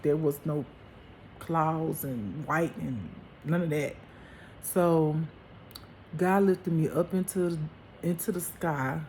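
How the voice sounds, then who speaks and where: Her voice sits low with vocal fry and a darkish tone as she delivers a relaxed spiritual talk in the role of a life teacher. She's chatty and emphatic, laughs a lot, and keeps calling listeners honey and baby. A little hiss or hum is audible.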